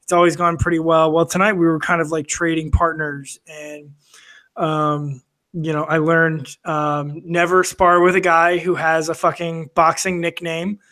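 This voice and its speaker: A man's voice: fairly high pitch, little pitch movement, measured pace, pushed and bright. A man co-hosting a casual podcast, rambling through a story with lots of fillers and restarts. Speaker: podcast co-host. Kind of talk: casual chat over drinks.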